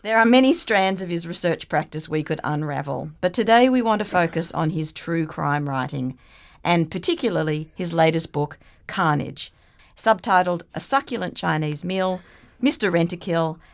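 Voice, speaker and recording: A woman's voice: on the low side, expressive, moderate pace, gravelly. A woman, hosting a podcast, reading a guest introduction in a playful, teasing way. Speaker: podcast host. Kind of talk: scripted introduction, then casual chat.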